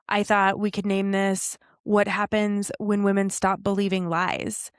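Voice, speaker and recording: A woman's voice: medium pitch, no echo, studio quality. A woman in her thirties hosting a podcast, talking earnestly and encouragingly and telling stories with a laugh. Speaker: podcast host. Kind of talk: reflective solo podcast talk.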